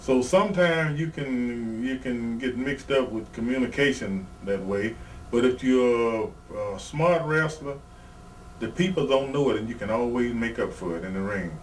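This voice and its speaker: A retired pro wrestler, interviewed as a guest, tells blunt, rambling, profane stories from his wrestling days in a casual storytelling chat. His voice is mid-range at a normal speed, picked up by a distant mic with faint background noise.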